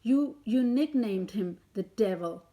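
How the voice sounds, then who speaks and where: A woman's voice: mid-range voice, animated, slow pace, warm tone. A woman vlogger delivering a heated, confrontational rant straight at her listener, swearing often. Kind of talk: angry direct-to-camera rant.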